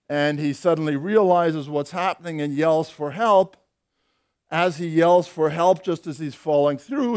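An older man lecturing on physics in a slightly high-pitched voice. He explains carefully and methodically, pausing on fillers now and then and slipping in dry, wry asides. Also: darkish tone. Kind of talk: academic lecture.

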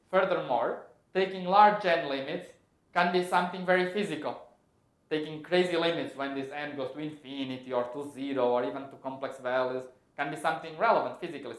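A man giving a technical physics lecture, explaining step by step and correcting himself as he goes. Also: mid-range voice. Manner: thinks aloud, self-correcting, explanatory. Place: lecture hall. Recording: echoey lecture room.

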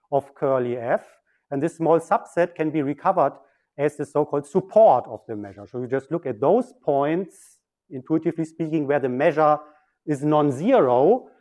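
A man's voice: fairly high pitch, a little mellow. A man giving a mathematical physics lecture, explaining step by step at a board.

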